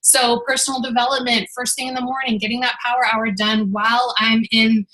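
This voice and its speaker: Woman host, 30s, casual rambling chatter, bright tone, video call. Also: a little high, little pitch movement, brisk, rough recording. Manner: rambling, with many fillers. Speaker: team leader and host.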